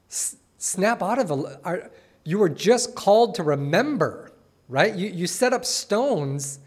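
High-voiced man preaching a sermon. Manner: expressive scripture reading, conversational asides. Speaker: pastor.

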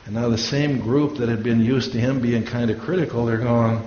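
His voice is mid-range and a little mellow, with fairly even intonation and a moderate pace. The man is a pastor preaching a sermon, telling stories and acting out quoted voices, recorded in an echoey room with dull lo-fi sound and faint hiss.

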